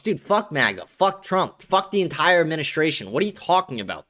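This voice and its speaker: Man, livestream host, profane angry rant, higher voice, very lively pitch. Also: brisk, hardly any pauses. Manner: profane, aggressive, animated ranting. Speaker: show host.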